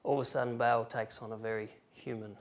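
Guy preaching a sermon, reads bible verses, gets loud then quiet, normal pitch. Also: flat delivery, fast talker. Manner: emphatic, rising and falling loudness, reads scripture aloud.

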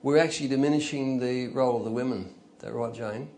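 A man's voice: mid-range voice, fast, darkish tone, a little hiss or hum. Older man, informal sermon, chatty storytelling, emphatic bursts, faint room ambience. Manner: conversational, storytelling, chuckles, rises to emphatic bursts. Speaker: preacher.

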